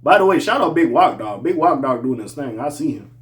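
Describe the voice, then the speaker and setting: A young man giving casual hip-hop opinion commentary, animated, jumping between loud outbursts and mumbled asides, with a slight accent. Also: a little high, fairly quick. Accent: slight regional accent.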